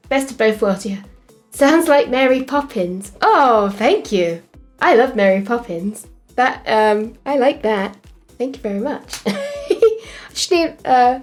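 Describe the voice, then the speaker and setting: Unhurried English woman, Essex-Midlands mix. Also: a little high. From England. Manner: relaxed and hesitant, with frequent ums and trailing phrases. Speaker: animator streaming her work. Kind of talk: casual livestream chat while working.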